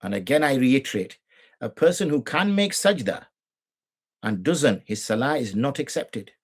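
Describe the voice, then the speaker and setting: A man's voice: mid-range voice, sing-song, moderate pace, slightly rough. A middle-aged man with a British English accent, a mufti teaching religious law in an informal talk, full of rhetorical questions and mock dialogue.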